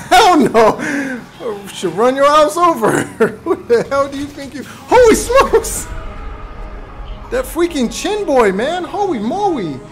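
A man voicing a brash, rowdy young gamer character during a live game stream, shouting boastful trash talk. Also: very high-pitched, slight background noise, exaggerated voice.

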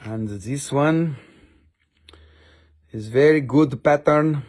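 A man's voice: mid-range voice, takes it slowly, a little mellow, breathy edge. A man hosting a casual live-stream sale of rocks and minerals, chatty and jokey, with offhand swearing.

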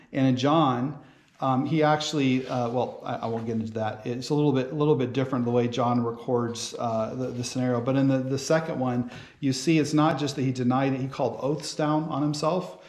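A man's voice: medium pitch, darkish tone. A man teaching a casual Bible study sermon in a church, rambling with many fillers and restarts. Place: church hall. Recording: roomy church hall sound.

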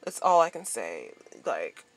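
A woman vlogger venting to camera in a blunt, profane, animated monologue. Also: a bass voice, a little slow, background noise.

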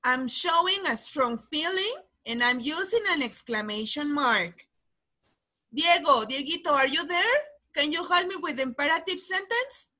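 Woman, English teacher, high voice, patient, video call. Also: animated, pushed and bright. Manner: patient, explains slowly, repeats key words. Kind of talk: online class lesson.

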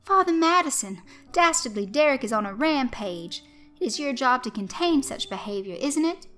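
A woman voicing a showy male host of a children's stage show, coaxing and shouting to the kids. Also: mid-range voice, a little slow, faint music behind. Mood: hammy. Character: loud jovial male kids' show host.

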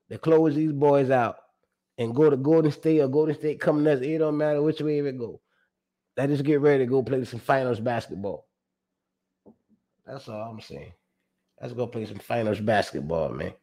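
A man's voice: mid-range voice, dark tone. A man hosting his own sports show, talking casually and animatedly, reading out stats with slang, profanity and emphatic repeats.

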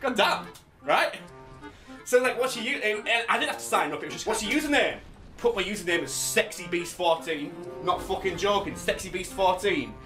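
A young man giving loud, excitable, swear-filled gameplay commentary, shouting often. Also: sits high, moderate pace, recorded from a distance, over music. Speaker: gaming YouTuber.

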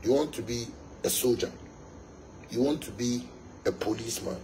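A man's voice: mid-range voice, moderate pace, gravelly, warm tone, slight background noise, poor audio. A young Ghanaian man, a musician, delivering a fiery, emphatic monologue to his fans, repeating his points and slipping into pidgin.

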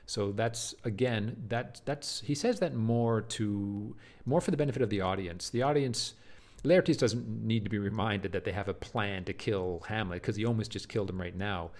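A man's voice: fairly low pitch, moderate pace, darkish tone. A man teaching Shakespeare in a casual spoken lecture, emphatic and often repeating words as he restarts.

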